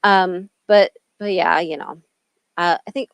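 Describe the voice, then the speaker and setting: A woman's voice: fairly low pitch, steady tone, a little slow, clear, resonant tone. A middle-aged woman from Illinois, co-hosting a podcast in casual, rambling chat full of side tangents. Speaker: podcast co-host.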